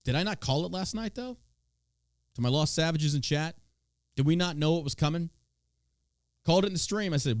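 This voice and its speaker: A man's voice: on the high side, lively intonation, fairly quick, pauses often, no room sound, studio quality. A man hosting a podcast, ranting casually about politics in a profane, sarcastic way. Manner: profane, sarcastic, swinging between loud and mocking. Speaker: podcast host.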